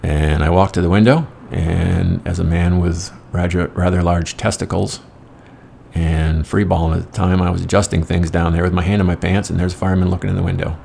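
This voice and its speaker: Brief: middle-aged man, very low gravelly voice, rambling wry storyteller. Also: fairly even intonation, fairly quick, darkish tone, slight background noise. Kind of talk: casual anecdotal monologue.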